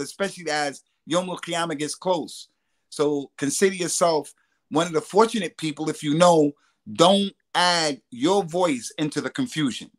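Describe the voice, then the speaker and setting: A man on a live stream answers questions as a religious scholar, explaining at length and rattling off Arabic quotations quickly. His voice is a little high and a bit bright.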